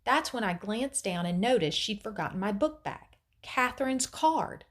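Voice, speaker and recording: A woman teacher reading a novel aloud in an expressive storytelling way, with dramatic pauses. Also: fairly high pitch.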